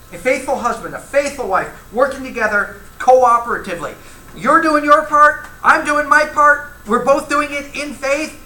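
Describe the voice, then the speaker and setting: Male Bible class teacher, animated and bright, quizzing the class in an echoey church room. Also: sits high, a little hiss or hum. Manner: conversational, asks the class questions, reads scripture aloud. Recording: echoey room, faint ambience.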